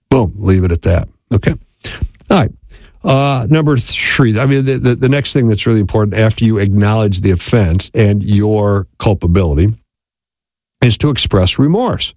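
A man giving a relaxed, conversational teaching talk on marriage, often checking in with "right?" and "okay?". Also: fairly low pitch, normal speed, no echo. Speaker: speaker on marriage.

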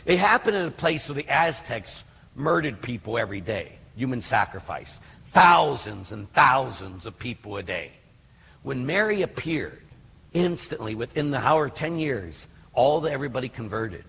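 A man's voice: medium pitch, big pitch swings, normal speed, creaky, pushed and bright, a little hiss or hum. An older man, a priest, teaching about prayer in an earnest, conversational way, full of fillers and digressions. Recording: hall reverb.

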